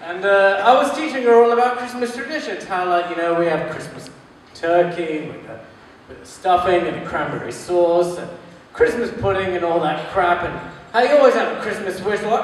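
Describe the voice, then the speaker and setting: A man's voice: high-pitched, lively intonation, moderate pace, a bit bright, slight background noise. A young man doing a crude, bawdy stand-up routine and chuckling at his own jokes, recorded live before an audience. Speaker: stand-up comedian. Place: comedy venue with audience. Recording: distant echoey hall with audience. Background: audience laughter.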